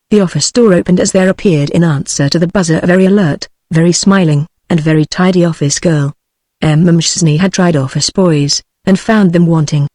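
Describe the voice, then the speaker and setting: A text-to-speech voice reading a novel aloud in an even, mechanical manner with occasional odd mispronunciations. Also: mid-range voice, brisk, no room sound. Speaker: audiobook narrator.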